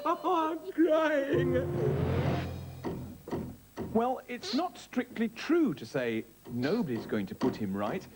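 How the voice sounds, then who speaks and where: A man presenting a children's TV show in a playful, exaggerated and giggly way. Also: fairly high pitch.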